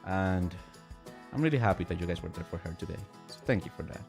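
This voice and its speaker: A male streamer chatting emotionally and excitably while gaming, with sudden high outbursts. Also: fast talker, faint music behind. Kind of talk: casual live-stream chat while gaming.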